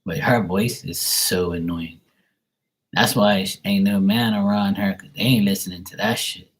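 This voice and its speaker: Deep voiced guy on a tarot livestream, blunt, cussing, ranting casually. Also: steady tone, moderate pace, rough recording. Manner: blunt, profane, ranting with chuckles.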